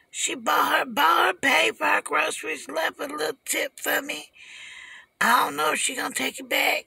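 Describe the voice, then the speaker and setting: An older woman, ranting as a delivery driver from her parked car in an animated, repetitive way, swinging from shouting to whispering. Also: medium pitch, creaky, slightly rough, dry recording. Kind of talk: ranting vlog.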